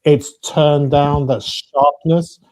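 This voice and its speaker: A man's voice: a little high, little pitch movement, drawn-out words, a little mellow. A man from the UK chatting casually on a call, explaining wine tasting notes with many fillers and restarts. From United Kingdom. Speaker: guest on a watch talk show. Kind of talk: casual chat on a video call.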